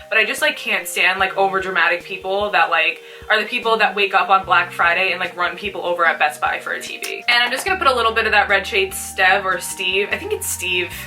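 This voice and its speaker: A woman's voice: medium pitch, brisk, hardly any pauses, bright, forceful tone, distant mic, soft background music. A young woman chatting casually while doing a makeup tutorial, peppering her talk with "like". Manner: chatty, fills speech with "like". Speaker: beauty vlogger.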